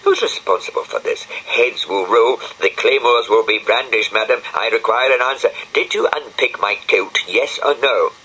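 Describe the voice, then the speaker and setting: A man's voice: deep voice, expressive, normal speed, pushed and bright, slight background noise, exaggerated voice, low-quality recording. A man voicing a grumpy, pompous male dog, in a storybook reading. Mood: indignant. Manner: huffy, pompous, scolding.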